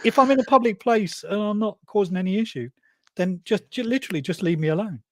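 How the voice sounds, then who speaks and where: A man's voice: high voice, fast. A man in casual livestream chat, blunt and indignant, swearing freely, heard over a video call.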